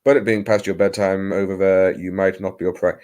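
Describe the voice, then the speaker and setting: A man with a fairly low voice hosts a late-night livestream from home at his computer. He rambles and hesitates, often pausing mid-thought, and pokes fun at himself as he chats with viewers. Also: little pitch movement, a little mellow. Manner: rambling, self-deprecating, hesitant with many fillers. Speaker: livestream host. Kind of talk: casual livestream chat.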